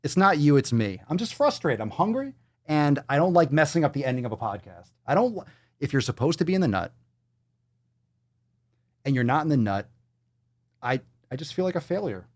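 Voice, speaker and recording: A man's voice: a little high, very animated, brisk, pauses often, dry recording. A man hosting a fitness livestream in casual banter, playful and theatrical, swearing freely. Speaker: livestream fitness show host.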